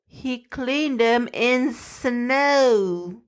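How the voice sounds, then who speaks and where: A woman's voice: on the high side, drawn-out words. A young adult woman co-hosting a podcast in casual chat, giggly and teasing, with many restarts as she recaps a plot. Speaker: podcast co-host.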